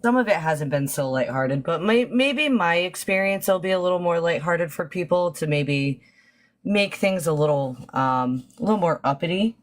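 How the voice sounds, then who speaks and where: A woman guest on a live panel telling a dating story in a relaxed, lighthearted way. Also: lowish voice, moderate pace. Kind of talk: casual storytelling on a live stream.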